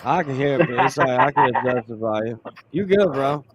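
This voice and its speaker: A man hosting a live show, asking questions in a relaxed, slangy way. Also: mid-range voice, fairly quick, muffled recording, very noisy. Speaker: host. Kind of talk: casual interview.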